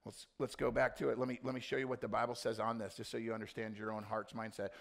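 A male pastor preaching a blunt sermon, dropping to quiet intensity and then rising into loud, mocking quoted voices. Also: mid-range voice, little pitch movement, quick pace, gravelly.

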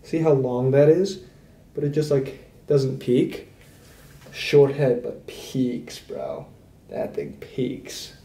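A man's voice: mid-range voice, fairly even intonation, slow pace, warm tone. A young man vlogging with friends, joking around in slang and showing off his muscles, filmed by a friend's camera. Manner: laid-back, slangy, flexing and joking about his muscles. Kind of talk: casual vlog chat with friends. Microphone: camera held by a friend. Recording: echoey and distant from the camera, with some background noise.

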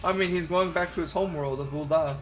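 A man's voice: fairly high pitch, quick pace, soft background music. A man chatting casually with friends while playing an online game, rambling and restarting his sentences. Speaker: gamer in voice chat. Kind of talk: casual chat while gaming.

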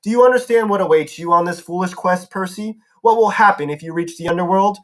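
A man voicing a menacing snake-haired female monster who purrs softly and soothingly. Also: high voice, fast talker, close to an everyday voice. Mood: crooning. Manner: soft, soothing purr.

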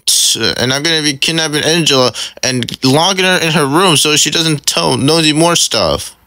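Smug killer husband voiced by a guy, gravelly low voice, dry sound, just taunting ppl. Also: normal speed, bright, forceful tone, no room sound. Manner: taunting, blunt threats. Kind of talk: casual fan roleplay.

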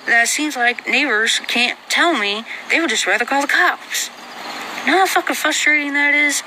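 A young woman pours out an agitated, foul-mouthed rant from her apartment. Her voice is bright and forceful. A faint hum of background noise sits behind her. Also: sits high, moderate pace, low-quality recording. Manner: agitated, heavy swearing. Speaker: vlogger. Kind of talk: venting monologue.

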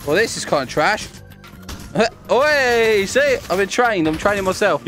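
Excitable British man gaming. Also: high voice, unhurried, faint music behind. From Britain. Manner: excitable, loud outbursts and laughter. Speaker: gaming YouTuber. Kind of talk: casual gameplay commentary.

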